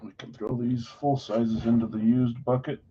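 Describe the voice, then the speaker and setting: A man's voice: mid-range voice, flat delivery, normal speed, mellow, muffled recording, slight background noise. A man hosting a live stream, casually reading off trades and talking to buyers in a scattered, self-deprecating way. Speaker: card break host.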